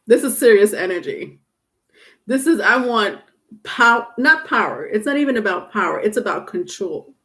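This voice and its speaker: A woman's voice: mid-range voice, animated, moderate pace, sharp tone. A woman giving a casual live tarot reading, talking chattily and teasing her viewers, breaking into laughter often. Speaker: tarot reader.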